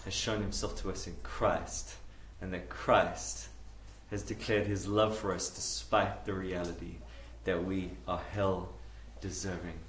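A man preaching a camp sermon, swinging from hushed, pleading passages to loud, impassioned ones. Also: deep voice, slight background noise. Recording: echoey room, mic at a distance.

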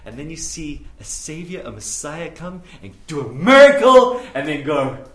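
A man preaching a camp sermon, swinging from hushed, pleading passages to loud, impassioned ones. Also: fairly high pitch, big pitch swings, moderate pace, hardly any pauses. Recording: echoey room, mic at a distance.

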